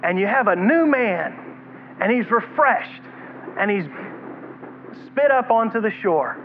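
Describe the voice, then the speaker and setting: Animated yet a little slow, a man with a high voice preaches, dramatizing quotes from God and Jonah as he retells the scripture story. He's a pastor, heard through a tinny, phone-like broadcast with a faint hiss.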